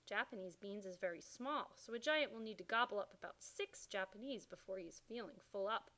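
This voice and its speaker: A woman's voice: mid-range voice, fairly quick, fairly bright tone, lightly acted. A woman voicing a huge, kindly old male giant who speaks in mangled grammar and made-up words. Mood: earnest.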